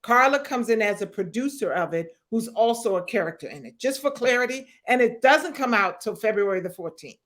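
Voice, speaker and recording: A woman's voice: fairly high pitch, animated, a little fast, hardly any pauses, fairly bright tone. A woman, actress and co-creator, speaking in an interview over a video call, playful but keen to set details straight. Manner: playful, insists on clarifying. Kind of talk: casual interview.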